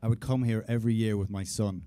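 A man's voice: fairly low pitch, fairly even intonation, quick pace, dark tone, dry recording. A man with a Belfast accent chatting playfully to a crowd between songs at a live music venue, speaking into a stage mic. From Northern Ireland. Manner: playful, self-mocking. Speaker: band singer. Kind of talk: onstage banter between songs. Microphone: stage vocal mic.

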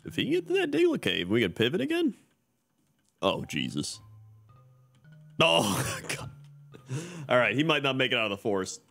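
A man's voice: medium pitch, wildly swooping pitch, fast talker, gravelly, fairly bright tone, soft background music. A male streamer giving laid-back, wry live commentary on his own game play.

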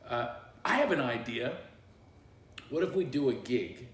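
A man's voice: medium pitch, expressive, a little slow. Chatty middle-aged Philly man, roomy office. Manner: chatty and rambling, laughs often. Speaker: comedian and coach hosting a livestream. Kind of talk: casual storytelling on a livestream. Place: small office.

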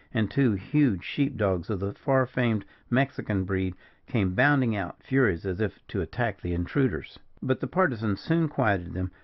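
A man reading a classic western novel aloud in a measured storytelling narration. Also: fairly low pitch, dull audio. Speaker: audiobook narrator. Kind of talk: scripted narration.

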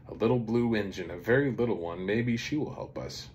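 A cheerful little male toy clown from a storybook calls out hopeful encouragement, put on by a man reading aloud. The voice stays low and close to an ordinary speaking voice. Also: brisk, a little mellow, a little hiss or hum, lightly acted. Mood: eager. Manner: eager, encouraging.

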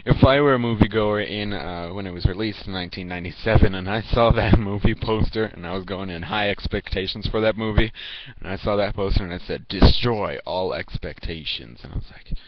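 A teenage boy talking casually to the camera as a video reviewer, rambling and halting, with lots of fillers and restarts. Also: fairly low pitch, fairly even intonation, noisy background. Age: teens. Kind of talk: casual vlog talk to camera. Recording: dull lo-fi home recording.

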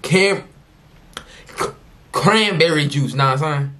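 A young man hosting a reaction video, talking casually with loud, excitable outbursts and mocking asides. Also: fairly high pitch, slow pace, pauses often, noisy background. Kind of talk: live reaction commentary.

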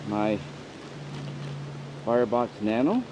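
A man casually narrating to a camera outdoors in the woods, chatty and unhurried as he sets up his gear. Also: on the low side, very animated. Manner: chatty, unhurried, talks to camera while working. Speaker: outdoor vlogger. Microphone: camera mic on a small tripod. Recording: dull lo-fi outdoor recording with clear background noise.

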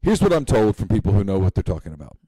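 A man's voice: on the low side, sing-song, very fast, dark tone, husky, no echo, rough recording. A man co-hosting a casual sports talk show, acting out little scenes in quoted voices.

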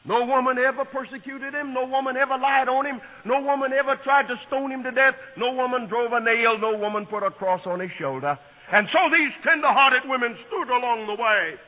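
A man preaching a sermon, swinging from hushed, quiet passages to shouted peaks. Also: extremely high pitch. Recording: tinny lo-fi recording in an echoing hall.

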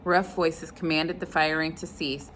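A woman reading a novel chapter aloud at an unhurried pace, now and then stopping to comment on the story. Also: sits low, fairly even intonation, a bit bright, a little hiss or hum, low-quality recording. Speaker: reader.

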